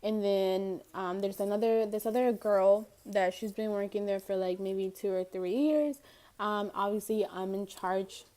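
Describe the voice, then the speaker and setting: A woman's voice: medium pitch, fairly even intonation, measured pace, warm tone. Rambling young woman telling a story. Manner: rambling, filler-heavy, giggly. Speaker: vlogger. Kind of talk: casual storytime.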